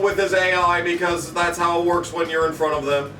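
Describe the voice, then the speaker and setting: A man commentating his own racing video game play, cursing freely and swinging from excited shouting to frustrated ranting. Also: sits high, a little fast, soft background music. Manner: excitable, profane, shouts during the race; grumbling, frustrated rant. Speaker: gaming YouTuber. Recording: roomy echo, distant from the mic.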